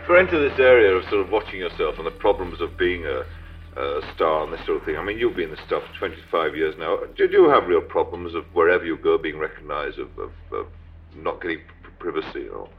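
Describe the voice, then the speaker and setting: A man's voice: deep voice, very animated, fast talker. A man interviewing a guest on stage, asking hesitant questions that often restart. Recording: dull archive recording from a distance.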